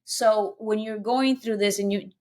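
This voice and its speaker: A middle-aged woman, a podcast guest, telling her personal story in an earnest, animated way with many fillers. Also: medium pitch, measured pace.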